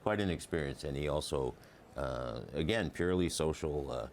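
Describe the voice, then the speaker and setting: A man's voice: extremely low pitch, expressive, moderate pace, a little hiss or hum. A man, a historian, telling anecdotes as a guest in a news interview, chatty and often chuckling. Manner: chuckling, loose and chatty with many fillers.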